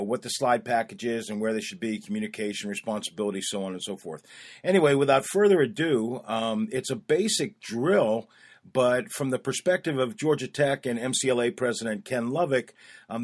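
A man hosting a podcast, introducing a coaching clip in a casual, rambling way with many "uh"s and "um"s. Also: medium pitch. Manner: rambling, filler-heavy with frequent "uh" and "um". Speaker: podcast host.

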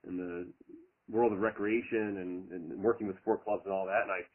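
A man's voice: low-pitched, fairly even intonation, moderate pace. A middle-aged man, a college lacrosse head coach, answering interview questions earnestly and at length with many fillers. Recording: tinny phone line.

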